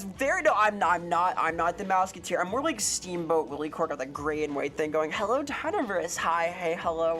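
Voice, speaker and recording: A woman streaming casually, greeting chat by name with bubbly, pun-filled talk that leaps up in pitch on her hellos. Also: a bit bright. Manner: bubbly, punny, swoops up on greetings.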